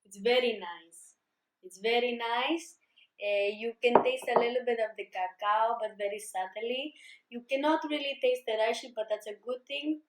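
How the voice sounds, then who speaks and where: A woman's voice: a little high, normal speed. A woman hosting a comedic cooking demonstration in a put-on Greek accent, giving mock-serious, coaxing instructions with playful repetitions. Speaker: host demonstrating a recipe. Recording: echoey room, voice from a distance.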